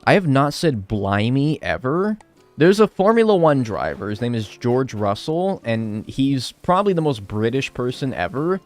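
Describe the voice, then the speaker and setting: A man's voice: mid-range voice, very animated, normal speed, faint music behind. An American man chatting casually on a live stream while playing a game, joking around and swearing freely.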